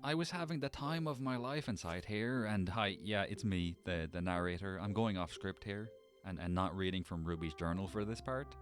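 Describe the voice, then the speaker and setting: Guy narrating a farming game playthrough, kinda low pitched, dry jokey tone, soft music underneath. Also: moderate pace. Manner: wry, dry humor. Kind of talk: scripted gameplay narration.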